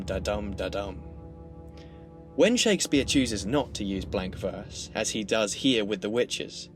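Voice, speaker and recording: A man narrating a scripted literature lesson in a measured, explanatory way. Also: fairly low pitch. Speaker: literature lecturer.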